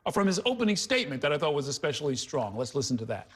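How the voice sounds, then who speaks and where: A male television host steers a political panel with brisk, wry remarks. His voice sits somewhat high for a man. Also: big pitch swings, fairly bright tone, slightly rough. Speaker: news show host.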